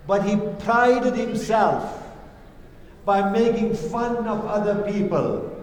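A man's voice: high voice, a little mellow, slight background noise. A man delivering a Friday sermon as imam, emphatic and repeating his key lines for weight. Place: large mosque hall. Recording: echoey hall reverb.

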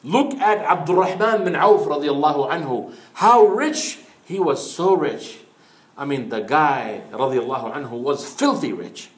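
A man's voice: fairly high pitch, animated, unhurried, roomy sound. A man preaching an Islamic sermon in an earnest storytelling manner, mixing in Arabic phrases.

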